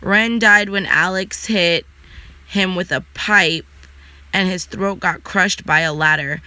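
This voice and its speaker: A woman's voice: fairly low pitch, steady tone, slow pace, bright, forceful tone, no room sound. A young adult woman vlogger chatting casually and answering live comments, blunt and sassy, swearing freely.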